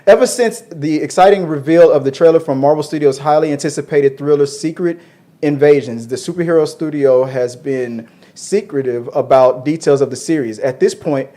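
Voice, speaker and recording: A man's voice: fairly high pitch, moderate pace, warm tone. A man hosting a casual entertainment-news show with his wife, joking around and often restarting his sentences. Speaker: podcast host.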